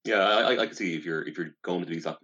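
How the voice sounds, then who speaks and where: A man in a casual card-game chat, telling stories in a quick, animated way. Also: low-pitched, husky. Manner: quick, animated storytelling with laughs. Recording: dull lo-fi mic.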